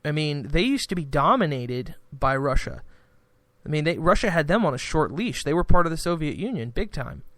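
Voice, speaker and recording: A man's voice: a little high, big pitch swings, a little fast, fairly bright tone, no echo. A man hosting a podcast, rambling through casual political commentary with frequent restarts. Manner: rambling, restarts, acts out quoted exchanges. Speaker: podcast host.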